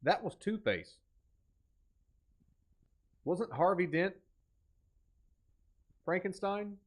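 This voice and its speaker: Brief: male horror-game streamer, slightly high voice, playful and energetic. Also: very slow. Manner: energetic, joking, teasing chat. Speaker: streamer host. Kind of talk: live horror-game commentary.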